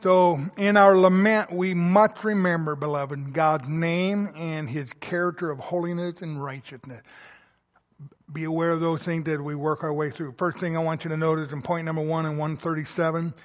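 A man's voice: fairly high pitch, steady tone, moderate pace, big-room sound. A male pastor preaching a sermon with emphatic, rising and falling delivery. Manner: emphatic preaching, swelling to loud emphasis then dropping soft.

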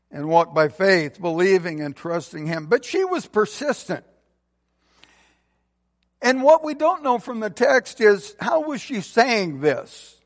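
In this sermon, a man serving as pastor speaks earnestly, climbing to emphatic high points and letting phrases fall away softly and low, each followed by a long reverb tail.

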